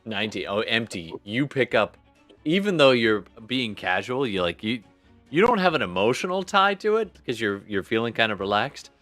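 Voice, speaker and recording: A man's voice: medium pitch, big pitch swings, moderate pace, fairly bright tone, dry recording, faint music behind. A man running a tabletop game as game master in a laid-back, chatty way.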